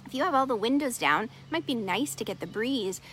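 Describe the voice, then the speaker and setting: A middle-aged woman coach telling a parable, expressive with soft hushed moments. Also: on the high side, brisk, slight background noise, low-quality recording. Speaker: wellness coach. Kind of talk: storytelling talk.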